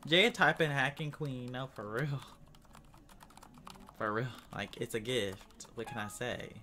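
A man's voice: mid-range voice, unhurried, noisy background. A man giving casual, dramatic gaming commentary, chatting to his viewers as y'all and breaking into screams when scared. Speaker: gaming streamer.

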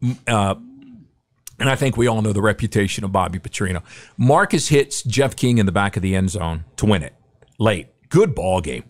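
A middle-aged man with a low voice, a guest on a podcast. He spins a story in easy conversational chat. He slips into little voices for the people he quotes. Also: fairly quick. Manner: animated, acts out quotes. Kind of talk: casual anecdotal storytelling.

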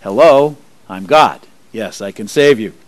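A man doing a deep, calm voice of God inside a sermon's story. It is slow and unhurried, pitched lower than his own speaking voice. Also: low-quality recording.

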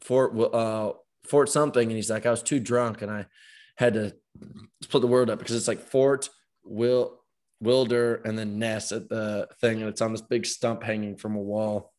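A man in his thirties telling stories in casual chat as podcast host, animated, acting out other people's voices and swearing freely. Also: fairly low pitch, normal speed.

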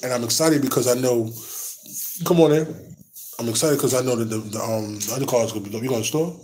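A man's voice: medium pitch, quick pace, a little mellow, slight background noise, low-quality recording. A man hosting a boxing talk show, chatting casually and with slang straight to his viewers from his workplace. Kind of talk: casual boxing commentary vlog.

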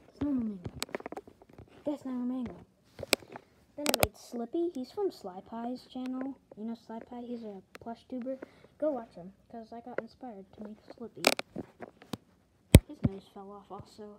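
A woman rambling casually through a show-and-tell vlog at home, often correcting herself as she talks. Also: on the high side. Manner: rambling, chatty, self-correcting. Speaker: collector showing plush toys. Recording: loud background noise with clicks.

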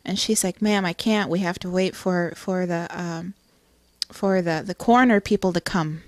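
Middle-aged woman telling her story, earnest and halting, dry close sound. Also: on the low side, steady tone, dry recording. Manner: earnest, halting, with many restarts and fillers. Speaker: testimony speaker. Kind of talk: personal testimony storytelling.

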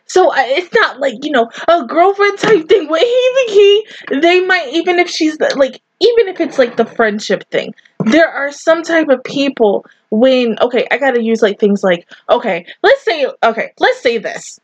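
Brief: excitable young woman reacting to anime, high voice, slightly muffled dry recording, rambling and cursing. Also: moderate pace, no room sound. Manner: excitable, emotional, rambling and swearing. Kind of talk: casual reaction commentary.

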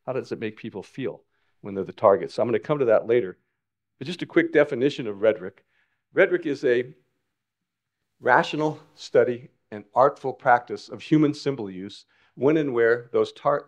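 An older man addresses an audience in a lecture hall. His voice sits in an ordinary male pitch range. He talks with animated emphasis, often stopping to restart a word or phrase. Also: lo-fi sound. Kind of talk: public lecture.

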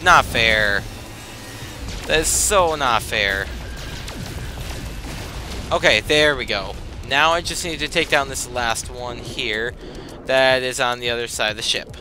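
A man giving casual let's play commentary, breaking into excited outbursts and complaints, then muttering to himself while sorting gear. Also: medium pitch. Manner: self-talk, mutters and trails off while managing inventory. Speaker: gaming commentator. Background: game music.

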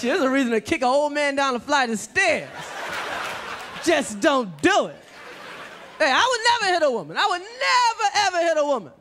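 A man's voice: very high voice, noisy background. A man doing a brash, profane stand-up routine on a club stage. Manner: brash, profane, rapid-fire. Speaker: stand-up comedian.

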